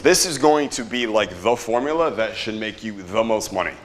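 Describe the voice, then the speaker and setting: An energetic male marketing workshop instructor teaches a live audience in a room, quizzing them and swearing casually. He speaks fairly quickly with a fairly low pitch and hardly any pauses, with a little hiss or hum in the recording.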